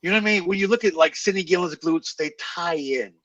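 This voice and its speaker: A man's voice: high voice, fast talker, a bit bright, dry recording, highs cut off. A man co-hosting a live bodybuilding watch party, speaking in a blunt, slangy, emphatic way. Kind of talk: casual live-stream chat. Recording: dry sound from a distant mic.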